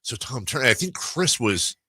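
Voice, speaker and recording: A man's voice: medium pitch, very animated, unhurried, bright, forceful tone, husky, dry recording. A man hosting a sports radio talk show, telling a rambling story in casual chat with many restarts. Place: radio studio.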